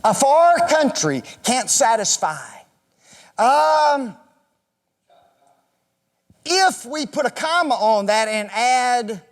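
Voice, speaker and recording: Man, Bible class teacher, high and very animated voice, playful quizzing style, long echo of a church hall. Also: takes it slowly, pauses often. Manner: quizzes the class with questions, joking, often says "folks". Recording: echoey hall reverb.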